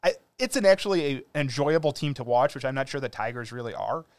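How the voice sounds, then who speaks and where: A man co-hosting a sports podcast, chatting casually with quick, opinionated takes. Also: medium pitch, no room sound. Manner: quick, opinionated, animated storytelling. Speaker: podcast co-host.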